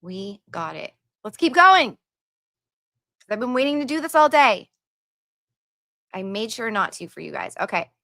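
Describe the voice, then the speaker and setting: A woman's voice: on the high side, big pitch swings, unhurried, creaky, long pauses, pushed and bright, dry recording, clean studio sound. A woman hosting a livestream, chatting casually and reading viewer donations and messages aloud with her own asides.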